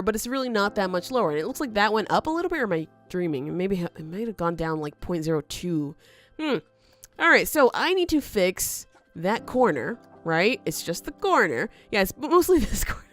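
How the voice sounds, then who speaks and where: A woman talks through her gameplay in a chatty, animated way, her pitch bouncing up and down. She argues with the game as if it could hear her and laughs easily. Soft music plays faintly underneath. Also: brisk. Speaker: let's play host. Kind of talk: gameplay commentary.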